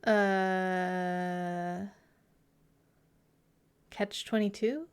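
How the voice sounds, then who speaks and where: A woman's voice: on the low side, steady tone, very slow, clear, resonant tone. A woman streamer in casual live chat with her viewers, chatty and giggly, sometimes muttering asides to herself.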